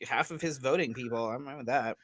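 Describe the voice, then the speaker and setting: A man's voice: mid-range voice, fairly quick, a crowd in the background. A man co-hosting a live talk show, adding wry, sarcastic asides in casual political chat. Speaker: podcast co-host.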